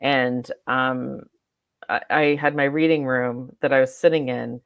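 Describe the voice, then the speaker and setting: A woman psychic medium in casual chat, speaking haltingly with restarts. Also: extremely low pitch, steady tone, vocal fry, no echo, dull audio.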